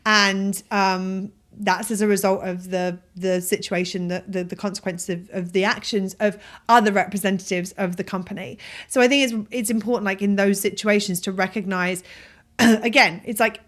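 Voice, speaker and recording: A woman's voice: mid-range voice, fairly even intonation, moderate pace, a bit bright. A woman co-hosting a podcast, reflecting and explaining her thoughts at length in casual conversation. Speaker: podcast co-host. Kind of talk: casual chat.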